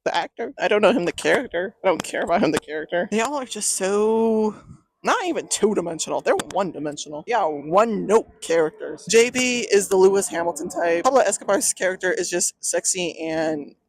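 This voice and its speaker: A woman's voice: medium pitch, animated, a little fast. A young woman reviewing a movie in a casual rant, sarcastic and profane, often breaking into laughter. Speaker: film reviewer.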